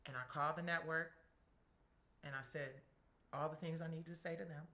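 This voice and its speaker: A middle-aged woman telling a story as an interview guest, animated and blunt, acting out what others said. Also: low voice, moderate pace. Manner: animated, quotes people in acted voices, swears freely.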